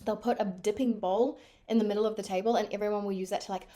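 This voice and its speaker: A young woman from New Zealand with a New Zealand accent, chatting casually to camera in an animated way with lots of fillers. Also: medium pitch, quick pace. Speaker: vlogger.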